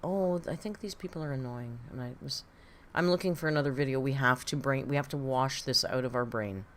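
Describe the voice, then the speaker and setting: A woman's voice: extremely low pitch, brisk. A woman hosting a casual live-stream reaction, chatty and exclamatory with some swearing. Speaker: livestream reaction host.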